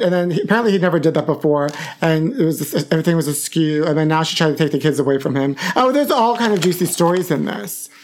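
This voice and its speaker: A man hosting a celebrity gossip podcast alone, talking in a campy, sassy, theatrical way and calling listeners honey. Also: sits high. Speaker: podcast host.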